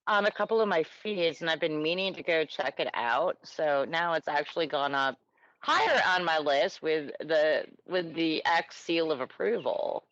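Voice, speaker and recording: A woman's voice: low-pitched, expressive, normal speed, a bit bright, dry recording. A woman from New York co-hosting a movie podcast, bantering playfully after a few drinks. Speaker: podcast co-host. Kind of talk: casual chat. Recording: slightly dull, dry sound.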